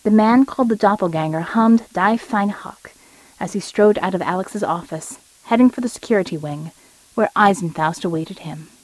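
A woman reading an audiobook story in a steady, measured narration. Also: mid-range voice, no echo, low-quality recording.

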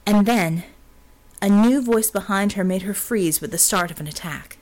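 A woman narrating an audiobook in a steady, expressive reading voice. Her pitch sits in the middle of the usual range. The delivery is scripted and even. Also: normal speed.

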